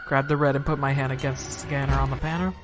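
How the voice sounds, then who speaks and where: A man's voice: medium pitch, level tone, quick pace, music in the background. A male streamer on a live game stream, reading the game's narration aloud, with casual, swearing, joking asides.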